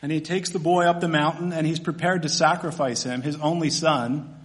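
A man's voice: on the high side, fairly even intonation, brisk. A man, a pastor, preaching a sermon in a conversational, storytelling way with casual fillers.

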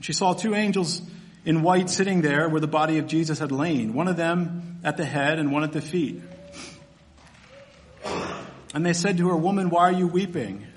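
A man's voice: fairly high pitch, a little fast, a little hiss or hum. A man, a pastor, preaching a sermon in a conversational, storytelling way with casual fillers.

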